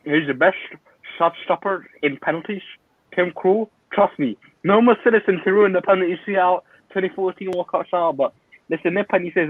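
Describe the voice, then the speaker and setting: A man's voice: sits high, no echo. Ranting young man on a tinny line. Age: young adult. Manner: loud, ranting, opinionated, quick asides. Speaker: guest pundit. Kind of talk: heated football banter. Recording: tinny dry phone-line audio.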